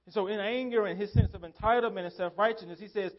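A pastor preaching a sermon in a church, driving points home with emphatic repeated phrases. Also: male voice, high-pitched, fast, few pauses, lo-fi sound. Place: church sanctuary.

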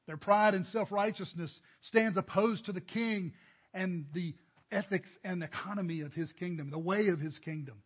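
A man's voice: sits high, slightly rough, muffled recording. A man preaching a sermon as pastor, addressing the congregation directly with emphatic rises. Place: church.

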